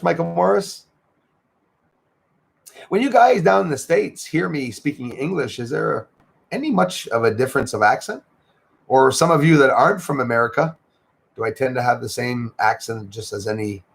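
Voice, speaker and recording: A man's voice: medium pitch, lively intonation, moderate pace, gravelly, breathy edge. A man hosting a casual livestream, chatting with viewers, greeting them by name and often saying "eh". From Canada. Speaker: livestream host.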